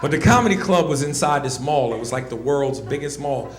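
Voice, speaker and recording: A man performing a loud, brash stand-up comedy set on a club stage, breaking into shouted sound effects. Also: mid-range voice, animated, fairly quick. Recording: roomy live club sound with audience noise.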